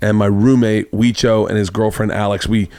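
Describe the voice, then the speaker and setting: A man's voice: on the low side, level tone, normal speed, darkish tone, dry recording. A man hosting a podcast, telling a long rambling anecdote in casual chat and acting out the quotes in a raised voice. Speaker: podcast host. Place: home studio room.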